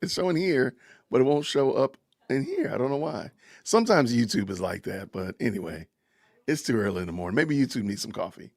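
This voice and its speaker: Man, middle-aged, livestream host, casual and chatty, gravelly, dry close sound. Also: medium pitch, expressive, a little fast, no echo. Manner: chatty, laughs often, talks to viewers as y'all. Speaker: podcast host. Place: home, family heard in the kitchen.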